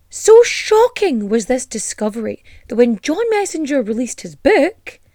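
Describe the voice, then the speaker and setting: Sweary, animated Irish woman podcaster. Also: on the high side, no echo, studio quality. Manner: sweary, sarcastic, ranting; animated and indignant. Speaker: podcast host. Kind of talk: casual storytelling podcast.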